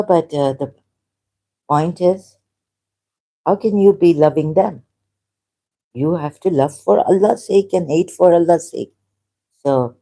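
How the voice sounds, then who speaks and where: Solo vlogger: mellow, dark tone, halting and argumentative, reads passages aloud between asides. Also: medium pitch. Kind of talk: rambling solo monologue.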